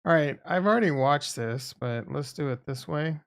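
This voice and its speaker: A man's voice: a little high, animated, moderate pace, gravelly. Rambling man hosting a live stream. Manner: rambling and self-interrupting, with frequent fillers. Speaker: streaming channel host. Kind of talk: casual live-stream chat.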